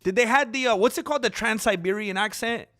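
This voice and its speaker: Male stream host, playful and loose, laughs a lot, bright tense tone, fairly high voice. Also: quick pace, a little hiss or hum. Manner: playful, laughs often, reads out chat. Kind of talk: casual live-stream commentary.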